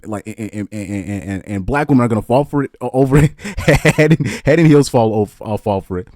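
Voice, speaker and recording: A man's voice: medium pitch, fast talker, hardly any pauses, darkish tone, no echo, clean studio sound. A man giving blunt, rambling opinion commentary on a podcast, often restarting sentences and chuckling.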